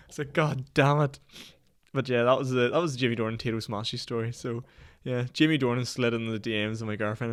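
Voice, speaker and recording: Self-deprecating, meandering stories fill this solo podcast, hosted by a Northern Irish man in his twenties. His voice is medium-pitched and a bit bright, and he swears and laughs a great deal in the casual chat.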